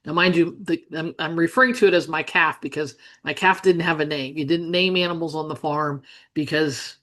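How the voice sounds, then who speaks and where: A woman's voice: sits low, a bit bright. A middle-aged woman from Ohio, a business coach, telling a childhood farm story in an earnest way, with frequent restarts and asides. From Ohio, United States. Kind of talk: storytelling monologue.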